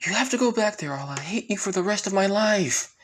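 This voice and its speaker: A man's voice: high voice, animated, fairly quick, fairly bright tone, slight background noise, pitched above the performer's own voice. A man voicing a young girl desperately pleading with her brother in a fan story.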